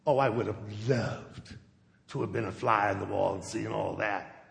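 A man's voice: fairly low pitch, normal speed, gravelly. A male pastor giving a sermon in a church sanctuary, telling the story conversationally and often checking in with his listeners. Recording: echoey sanctuary with long reverb.

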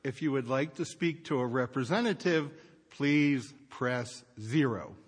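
A man imitating a recorded pharmacy phone menu, reading its prompts in a measured, polite message tone, in a reverberant hall. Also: medium pitch, breathy edge. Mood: recorded politeness.

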